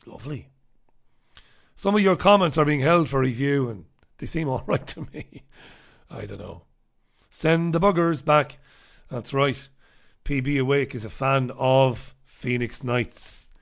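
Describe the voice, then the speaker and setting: Chatting casually on his own radio show and livestream, this host works through viewer comments with a sardonic, profane, rambling manner. He has a medium pitch and a measured pace, with vocal fry and frequent pauses.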